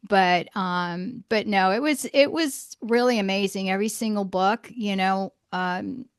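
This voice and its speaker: A woman hosting a podcast interview, telling lively stories and acting out quotes with frequent laughter. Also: mid-range voice, a little slow, clean tone, no room sound, studio quality. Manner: animated storyteller, acts out quotes, laughs often. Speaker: podcast host. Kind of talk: casual interview chat. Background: homeschool mom.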